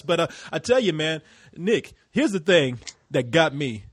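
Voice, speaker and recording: A young man from Texas tells a rambling, profanity-laced story on a casual podcast, often breaking into laughter. His voice sits high and has a husky, grainy edge. The sound is dry and close, with no room around it. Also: very animated, measured pace, no room sound. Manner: rambling, profane anecdote-telling with frequent laughter. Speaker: podcast co-host. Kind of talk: casual chat.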